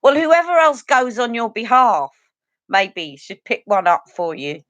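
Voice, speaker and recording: A woman's voice: a little high, very animated, measured pace, a bit bright, dry recording. A woman hosting a beauty live stream, chatting earnestly and directly to her viewers. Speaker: beauty channel host. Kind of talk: casual live-stream chat.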